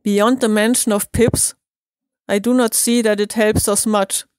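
Brisk detective urging action in a storybook reading, commanding tone , read by a German-accented woman. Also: medium pitch, fairly even intonation, clear, resonant tone, no echo, clean studio sound, natural voice. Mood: urgent. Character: brisk, forceful adult male detective.

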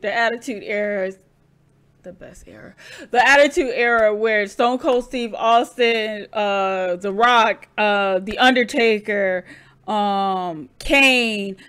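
A woman comments on a clip in a casual reaction video, slightly high-pitched and unhurried. She rambles, restarting her thoughts as she goes. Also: fairly bright tone. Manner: rambling, many fillers and restarts.

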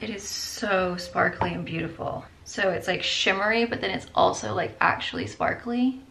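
Chatty woman vlogger with a bright voice. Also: mid-range voice, normal speed, vocal fry, few pauses. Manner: chatty, lots of "like" and "you guys". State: tired, with a headache. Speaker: beauty vlogger. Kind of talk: casual chat while doing makeup.

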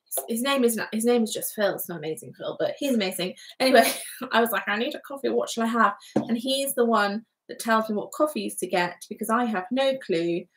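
Woman with a slightly high voice, hosting a live craft stream, casual, chatty and giggly, with rambling asides. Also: animated, fairly quick, poor audio. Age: adult parent. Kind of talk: casual live chat, reading viewer comments.

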